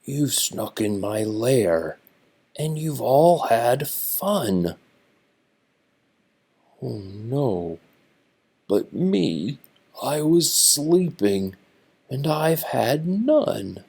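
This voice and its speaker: Grumpy sleepy bear voiced by a man, slow and gravelly, complaining for a children's storybook. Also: medium pitch, sing-song, a little mellow, heavily acted. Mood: grumbling.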